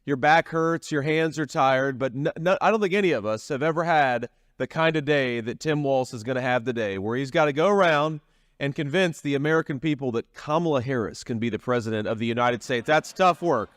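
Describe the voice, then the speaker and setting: A political candidate at a rally gives a campaign speech in a folksy, repetitive manner, often restarting his sentences. His medium-pitched voice is fairly quick and a bit bright. The recording is studio quality with no room sound.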